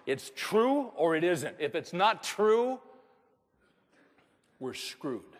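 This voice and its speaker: A man's voice: sits high, big pitch swings, slow pace, pauses often, big-room sound. A man preaching a sermon as a pastor, moving from storytelling to emphatic preaching.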